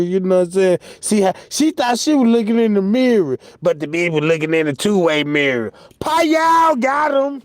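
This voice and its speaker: A man's voice: high voice, big pitch swings, normal speed, few pauses, dry recording, studio quality. A man giving joking, mocking commentary in slangy talk, breaking into laughter and slipping into mock voices for his punchlines. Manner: slips into mock voices for jokes. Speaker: commentary streamer.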